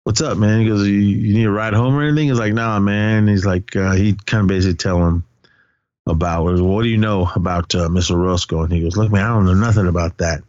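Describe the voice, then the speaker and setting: A low-voiced man casually recaps a film scene by scene, quoting the characters and filling gaps with "uh" and "like." His voice sounds dry and slightly dull, as if recorded on modest gear. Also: fairly even intonation, fast, darkish tone, dry recording. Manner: retells scenes with quoted dialogue and frequent fillers. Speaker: podcast co-host.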